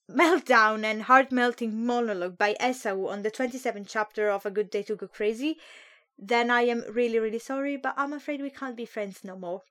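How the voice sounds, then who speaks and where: A woman hosting a podcast in casual, self-deprecating chat, her speech a little slurred from a sore mouth. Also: on the high side. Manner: chatty, self-deprecating, animated asides. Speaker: podcast host.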